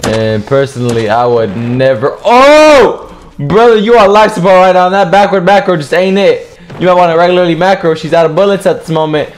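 A young man giving loud, profane gameplay commentary, trash-talking and often shouting. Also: sits high, animated, brisk, soft background music. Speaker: gamer streaming gameplay.

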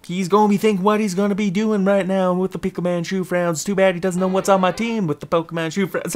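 A man's voice: sits high, fairly even intonation, brisk, hardly any pauses. A man giving casual, rambling let's-play commentary over a game, giggling and repeating a silly catchphrase. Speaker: gameplay commentator.

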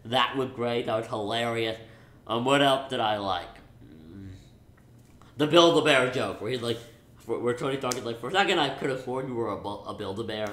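A young man rambles excitedly through a casual review, restarting his sentences and piling on fillers. His voice is bright and forceful, and it rings off the walls of an echoey room. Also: mid-range voice, moderate pace. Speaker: movie reviewer. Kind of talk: casual spoiler review vlog.

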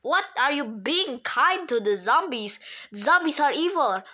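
A woman giving casual, playful commentary over a video game, excitable and making her own sound effects. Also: sits high, unhurried. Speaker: gameplay commentator.

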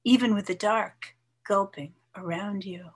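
A woman in her seventies, a poet, reading her poems in a measured, expressive way and chatting casually between them. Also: slightly rough. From New York, USA. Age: 70s. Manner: measured, expressive reading, soft voice dropping low on some lines. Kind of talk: poetry reading with casual asides.

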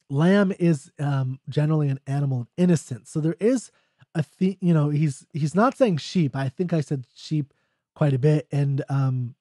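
A man's voice: a little high, dark tone, dry recording, studio quality. A man explaining a poem in a casual lecture, loose and jokey, checking in with "right?" as he goes. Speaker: literature teacher.

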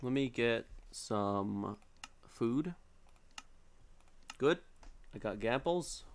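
Slow-talking man streaming a game. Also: medium pitch, lively intonation. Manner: talks to opponents, frustrated outbursts. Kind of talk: live gaming commentary.

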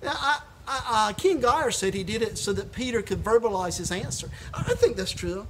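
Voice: mid-range voice, very animated, normal speed, a bit bright, slight background noise. Impassioned pastor preaching on video. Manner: impassioned, emphatic, stumbling over repeated words. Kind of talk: sermon delivered on video. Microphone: live stream recording.

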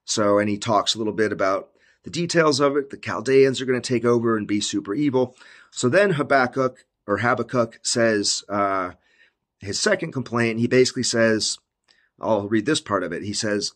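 A man's voice: mid-range voice, fairly bright tone. Laid-back man explaining scripture. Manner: laid-back, peppered with "like" and "basically"; slows down when reading old scripture aloud. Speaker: Bible commentator. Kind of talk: casual Bible study talk.

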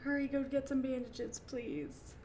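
A woman's voice: high-pitched, fairly even intonation, a little slow, mellow, slight background noise. A young woman commenting on her game as she plays, emotional and laughing often, talking to her characters. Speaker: gaming channel host. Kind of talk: let's-play commentary.

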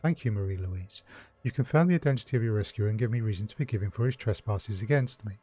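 A man's voice: fairly low pitch, dark tone, breathy edge. Icy elf patriarch in a video game, formal and controlled, read by a man. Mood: cold. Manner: icy, measured and commanding. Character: cold, formal, wealthy elf father.

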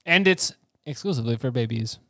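A man co-hosting a comedy podcast in casual, excitable, jokey chat. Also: medium pitch, a little fast, no echo, studio quality. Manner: excitable, jokey, plays soundboard clips. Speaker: podcast co-host.

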